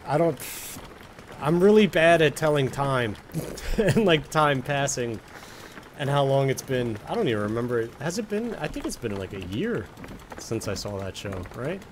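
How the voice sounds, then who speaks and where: Animated man streaming a game. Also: mid-range voice, normal speed, a little hiss or hum. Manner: joking, talks to the game and chat. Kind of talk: casual let's-play commentary.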